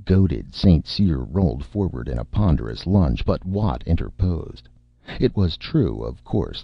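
A man narrating an audiobook in a measured, expressive way, in a dry, slightly muffled recording. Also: rumbling low, gravelly, slightly rough, dry recording.

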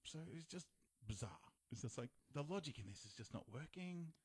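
Husky-voiced man in casual chat. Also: a little high, a little fast, no echo. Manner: animated, acts out lines in exaggerated voices. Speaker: podcast host. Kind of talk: casual chat, retelling a film.

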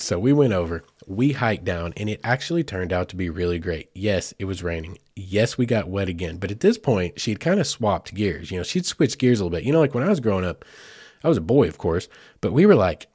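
A man's voice: low voice, very animated, a little fast, a little mellow, slightly rough, no echo, clean studio sound. A man, a father, telling a family story in a casual, rambling way with lots of fillers. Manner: rambling, chatty, with many fillers like "like" and "you know".

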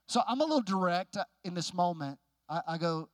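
High-voiced preacher man, candid and direct. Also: fairly quick, hardly any pauses, dry recording. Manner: candid, conversational, asks the crowd questions; rises loud and high for emphasis, drops low and quiet when telling the story. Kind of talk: sermon with a personal story.

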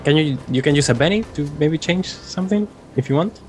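A man's voice: a little high, animated, a little fast, soft background music. A man playing a tabletop game, hesitant and searching for the right words. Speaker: player.

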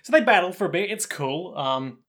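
A man's voice: sits high, animated, fairly quick, fairly bright tone. A man hosting a casual podcast, recapping an anime in a rambling way, with a scratchy throat today. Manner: rambling recap, acts out characters' lines. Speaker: podcast host.

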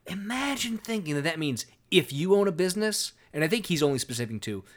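A man's voice: high voice, very animated, brisk. A man hosting a podcast, riffing on clips with sarcastic, profane commentary. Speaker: podcast host. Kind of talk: casual political commentary chat.

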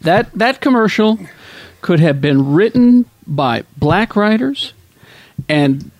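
Gravelly wry man host. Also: high-pitched, lively intonation, slow pace, dry recording. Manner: laughing, wry. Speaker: podcast host. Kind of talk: casual comedy chat.

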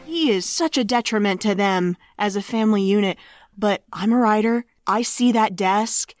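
A woman podcast host recapping a film in casual chat, animated and emotional. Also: medium pitch, normal speed, no room sound, studio quality, faint music behind.

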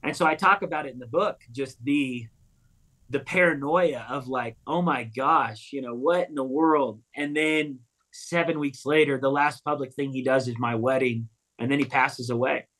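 A man in his thirties, a pastor and author, telling a personal story in an interview with earnest, animated quoted dialogue. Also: mid-range voice, moderate pace.

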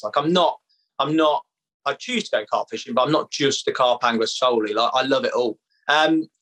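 A bright-toned man in his thirties from England, chatting easily about fishing. He talks in a loose, friendly way, scattering "like" and "mate" through his sentences. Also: medium pitch, low-quality recording. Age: 30s. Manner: chatty, laid-back, says "mate" and "like" a lot. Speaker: podcast guest, angler. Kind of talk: casual chat.

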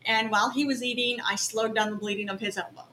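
A woman's voice: a little high, steady tone, quick pace, sharp tone, slight background noise, poor audio. A woman who is an acting student, co-hosting a podcast in casual chat, supportive and laughing often. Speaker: podcast co-host.

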